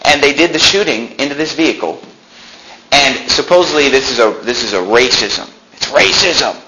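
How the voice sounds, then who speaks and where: A pastor preaching in a church, speaking in an everyday conversational tone. He keeps breaking into sudden animated bursts and mocking quotations. A faint hiss sits under the recording. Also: medium pitch, moderate pace. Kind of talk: sermon. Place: church sanctuary.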